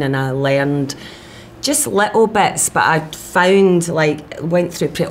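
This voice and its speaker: A woman's voice: low voice, takes it slowly, a little hiss or hum. A woman, an actress, talking eagerly in an interview, quoting her own thoughts as she goes. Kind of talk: press junket interview.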